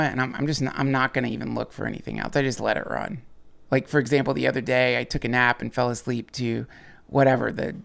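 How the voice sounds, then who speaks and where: A man's voice: medium pitch, creaky, a bit bright. A man hosting a livestream, rambling casually and profanely with lots of restarts and chuckles while reading viewer chats.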